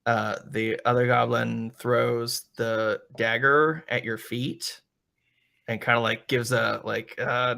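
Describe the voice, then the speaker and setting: Male game master, slow and gravelly, bright tone, hesitant narration. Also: medium pitch, steady tone. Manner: hesitant, restarts, slips into character voices.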